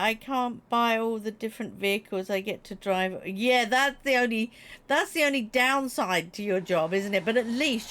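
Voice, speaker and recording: A woman chatting casually with her viewers during a live stream, animated and quick to laugh. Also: medium pitch. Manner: chatty and animated, laughing, talking straight to chat. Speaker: Twitch streamer.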